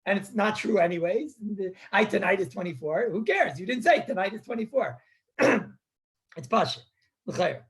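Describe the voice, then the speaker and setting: A man, a rabbi, teaching an informal live online class on Jewish law, talking conversationally, repeating words and often clearing his throat. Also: sits high, expressive, moderate pace.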